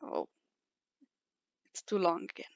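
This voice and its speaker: A woman's voice: slow, darkish tone, no echo, muffled recording. A woman hosting a game playthrough, chatting playfully and giggling with a friend. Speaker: let's play host. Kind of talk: casual chat over a game.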